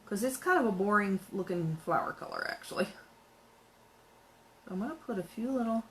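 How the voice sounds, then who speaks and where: A woman's voice: mid-range voice, lively intonation, a little fast, a bit bright, slight background noise, low-quality recording. Chatty woman thinking aloud while painting. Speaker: craft vlogger. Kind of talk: casual painting narration.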